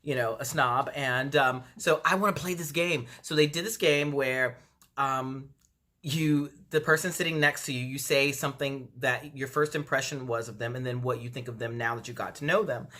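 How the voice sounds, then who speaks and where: Bright-voiced chatty gossiping woman. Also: very deep voice, moderate pace. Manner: chatty, gossipy, animated retelling; acts out quotes in exaggerated voices. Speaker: reality TV recapper. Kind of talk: casual review vlog.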